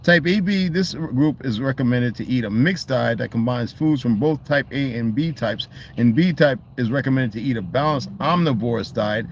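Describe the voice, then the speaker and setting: A man's voice: mid-range voice, normal speed, hardly any pauses, highs cut off, slight background noise. A man talking in a loose, rambling monologue, swearing freely and restarting his sentences. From United States. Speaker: channel host.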